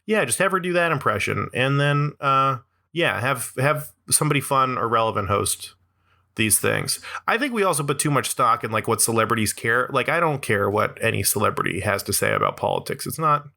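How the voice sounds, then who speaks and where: A man's voice: medium pitch, lively intonation, fairly quick, vocal fry, sharp tone. A young man hosting his own podcast, talking through a rambling, sarcastic comedic monologue and laughing between lines. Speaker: podcast host.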